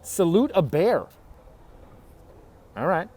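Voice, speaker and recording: A man's voice: high voice, very animated, slow, slight background noise. A man giving playful showman-style commentary into a handheld camera outdoors during a race. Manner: loud, jokey showman patter. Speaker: race competitor. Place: outdoors at a resort cable-car station. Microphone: handheld camera turned on himself.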